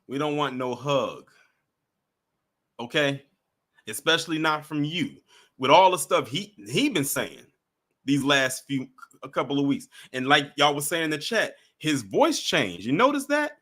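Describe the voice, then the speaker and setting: A man hosts a livestream and reacts to clips with an animated, mocking edge. His voice sits a bit high and has a very bright, forceful ring. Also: measured pace. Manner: animated, mocking, chats with viewers. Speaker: livestream host. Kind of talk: casual reaction commentary.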